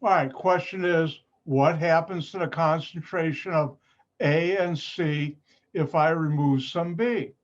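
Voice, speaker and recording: A man's voice: fairly high pitch, a little slow. A man, a chemistry professor, teaching an online class patiently, repeating points and adding playful asides. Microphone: computer mic on a video call. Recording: muffled lo-fi video call audio.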